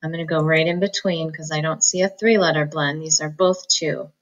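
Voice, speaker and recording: A woman's voice: low voice, steady tone, a little fast, highs cut off. A woman teaching a phonics lesson, patiently sounding out words syllable by syllable. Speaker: reading teacher.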